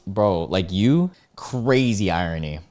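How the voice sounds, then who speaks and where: A man hosting a reaction video, reading out texts and reacting with animated disbelief. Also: low voice, takes it slowly.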